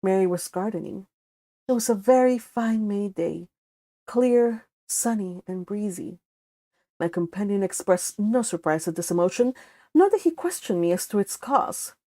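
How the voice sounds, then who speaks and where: A young woman with a Spanish accent reads a classic novel aloud at a calm, unhurried pace. Her voice sits in an ordinary middle register for a woman. She keeps a plain, even reading voice and pauses now and then to correct a slip. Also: mid-range voice. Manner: unhurried reading, breaking off for casual asides and corrections. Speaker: audiobook reader.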